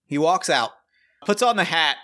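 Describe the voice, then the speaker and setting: Bright-voiced man rambling as game master. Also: a little high, animated, normal speed. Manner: rambling, filler-heavy narration. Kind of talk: narrating a tabletop game.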